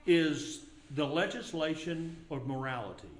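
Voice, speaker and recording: A man's voice: a little high, a little slow. Earnest preacher man in echoey church. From United States. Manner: earnest, conversational preaching with repetitions. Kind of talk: sermon. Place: church sanctuary.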